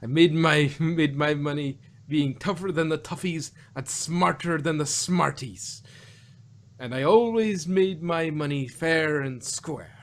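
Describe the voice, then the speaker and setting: A boastful old duck tycoon rolls his words in a clumsy mock Scottish accent, as a man puts him on. He blusters, voice pushed louder and a little higher. His pace stays slow and deliberate.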